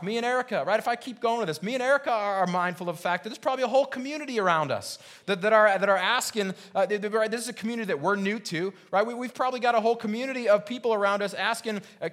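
Rapid-fire and barely pausing, a pastor preaches in a high-pitched, fairly bright voice. The sermon is earnest and repetitive, loaded with rhetorical questions, and he keeps stammering and starting over.

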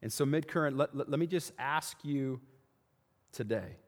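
A man's voice: mid-range voice, normal speed. A man giving a sermon as pastor, asking rhetorical questions and often repeating his words. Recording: long reverb of a large hall.

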